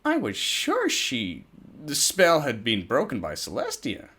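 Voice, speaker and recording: A man's voice: medium pitch, wildly swooping pitch, unhurried, pushed and bright, slightly rough, pitched above the performer's own voice, full character voice. A man voicing a studious young mare pony who wonders aloud. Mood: puzzled.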